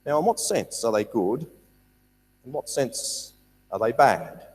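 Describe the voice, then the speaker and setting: Guy teaching bible study, bit husky, voice bouncing up and down, big echoey hall. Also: mid-range voice, slow pace. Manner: animated, repeats words, reads scripture aloud.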